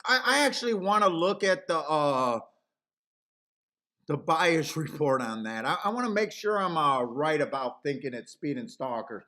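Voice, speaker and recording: Male live-stream host, high voice, loose and profane, laughs constantly. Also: animated, normal speed, bright, forceful tone. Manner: laughs often, rambling and profane. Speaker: horse racing handicapping show host. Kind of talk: casual live-stream chat.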